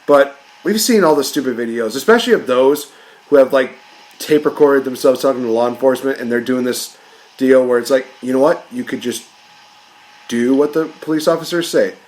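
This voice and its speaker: A man's voice: mid-range voice, fairly quick, a little mellow, low-quality recording. A man hosting a podcast, ranting in a casual, jokey way. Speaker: podcast host.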